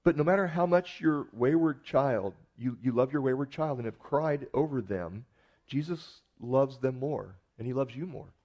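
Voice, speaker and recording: A man's voice: mid-range voice, moderate pace, a little mellow. A man preaching a sermon, with conversational storytelling and earnest emphasis.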